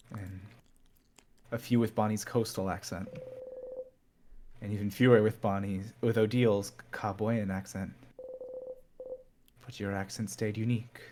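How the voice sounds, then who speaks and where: A man's voice: lowish voice, noisy background. A man streaming a story game, reading its text aloud in a dramatic way that builds to urgent repetition.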